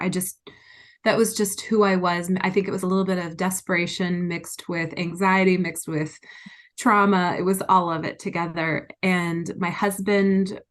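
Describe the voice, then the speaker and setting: Earnest woman, low-pitched, candid. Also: steady tone, unhurried. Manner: earnest, open, emotionally frank. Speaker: interview guest. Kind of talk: candid personal storytelling.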